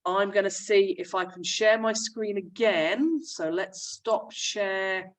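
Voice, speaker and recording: A woman's voice: medium pitch, slow pace, far from the mic, poor audio. A young woman, a primary school teacher, chattily explaining a remote lesson while sharing her screen. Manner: friendly, chatty classroom explaining.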